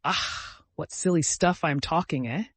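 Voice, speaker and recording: A man's voice: fairly high pitch, measured pace, a bit bright, no echo, pitched above the performer's own voice. A man voicing a tormented young man confessing a murder, speaking in an anguished, pleading way.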